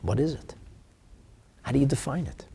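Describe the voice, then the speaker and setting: A man teaching a religious lesson, emphatic, swinging between loud declaiming and hushed whispers, often asking rhetorical questions. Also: medium pitch, lively intonation, moderate pace, vocal fry, slightly rough. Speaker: Torah teacher.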